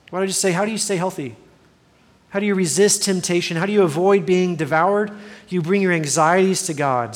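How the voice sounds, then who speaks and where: A man's voice: fairly high pitch, big-room sound. A man in his forties preaching a sermon as a pastor, earnest and conversational with self-deprecating humor.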